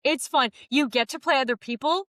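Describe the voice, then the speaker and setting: A woman with an acting background co-hosting a podcast, chatting casually about a TV episode in a theatrical, animated way. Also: high voice, fairly quick, no room sound, clean studio sound. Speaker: podcast co-host; trained actor. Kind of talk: casual chat recapping a TV episode.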